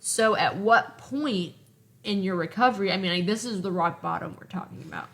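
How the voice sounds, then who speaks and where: A woman's voice: medium pitch, normal speed. A young woman in her late twenties hosting a candid podcast conversation, telling stories bluntly with plenty of swearing. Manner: blunt, profanity-laced storytelling. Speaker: podcast host.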